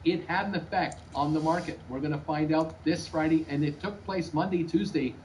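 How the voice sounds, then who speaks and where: A man talks through the stock market live, reading out viewer comments in a brisk, plainspoken manner and stumbling over fillers. His voice sits a bit high for a man. He sounds distant from the mic, with clear noise behind him. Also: darkish tone. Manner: brisk, plainspoken, hesitant with many "uh"s.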